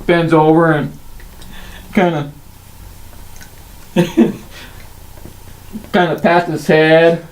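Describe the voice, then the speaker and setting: A man narrating a tabletop role-playing game as game master, in a playful, animated way. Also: a little high, drawn-out words, long pauses. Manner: animated, playful scene-setting.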